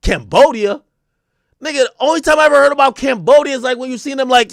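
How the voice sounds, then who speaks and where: A man hosting a livestream, riffing casually in a loose, profane way with sudden loud outbursts. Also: very high-pitched, quick pace, no room sound, clean studio sound. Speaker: livestream host.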